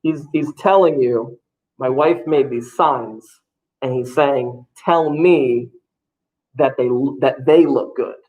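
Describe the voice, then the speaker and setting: A man's voice: mid-range voice, slow pace, darkish tone, lo-fi sound. A man, a teacher talking loosely and jokingly to his class in a classroom. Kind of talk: classroom talk to students.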